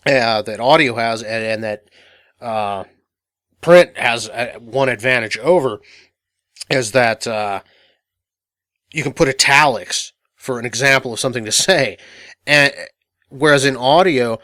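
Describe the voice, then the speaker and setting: A man's voice: medium pitch, unhurried, pauses often, sharp tone, dry recording, clean studio sound. A man teaching an instructional audio course in a matter-of-fact, casual way, full of fillers and restarts. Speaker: dating coach.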